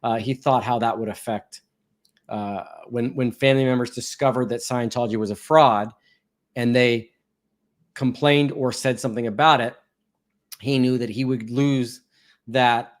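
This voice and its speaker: A man, a guest in a casual chat, talking in a measured, explanatory and sympathetic way. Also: medium pitch, steady tone.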